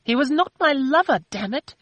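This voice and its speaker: A woman voicing a defiant young heroine, high and sharp. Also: expressive, normal speed, dry recording, close to an everyday voice, rough recording. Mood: angry. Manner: sharp, indignant retorts. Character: spirited young woman, defiant and quick-tempered.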